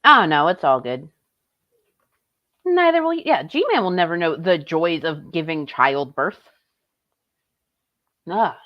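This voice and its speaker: A young woman talks live to her stream, blunt and sarcastic, with plenty of swearing. Her voice sits low, and her mic sounds dull and dry, with no room around it. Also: animated, unhurried, pauses often, dry recording. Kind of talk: casual live-stream commentary.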